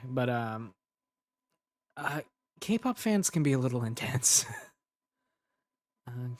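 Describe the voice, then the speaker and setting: A young adult man, an ASMR creator, rambling casually with restarts while chatting on a livestream. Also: medium pitch.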